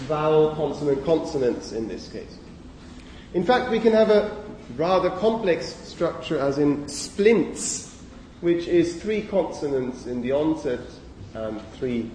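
A man giving a university lecture on phonology in a lecture hall, speaking haltingly with many fillers and self-corrections. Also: a little high, darkish tone, slight background noise. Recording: echoey lecture hall from far off.

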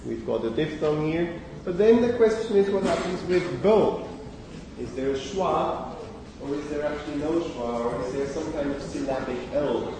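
A man's voice: fairly high pitch, normal speed, noisy background. A man giving a university phonetics lecture, explaining step by step and checking in with students with frequent "okay"s. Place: large lecture hall. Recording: echoey lecture hall from a distance.

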